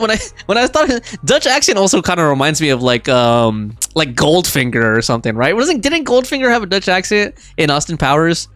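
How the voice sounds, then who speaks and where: A man's voice: on the high side, a bit bright, no room sound. A man streaming a video game live, chatting and rambling as he plays and reads chat aloud. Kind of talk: live gameplay commentary.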